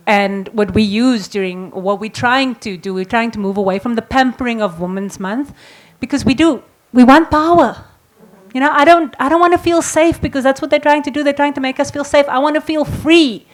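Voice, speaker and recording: A woman's voice: high-pitched, fairly quick, few pauses. A woman speaking at a conference panel, talking playfully and then rousing the audience to chant with her. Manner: rallying, playful, coaxing the audience. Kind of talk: energetic panel talk.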